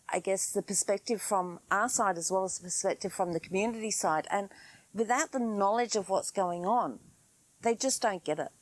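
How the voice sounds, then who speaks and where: A woman's voice: medium pitch, dry recording. Earnest woman host. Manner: earnest, conversational, frequent fillers. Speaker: podcast host. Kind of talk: storytelling monologue.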